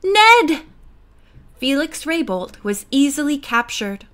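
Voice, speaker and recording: A woman narrating a mystery audiobook with a lively, expressive reading. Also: on the high side, measured pace.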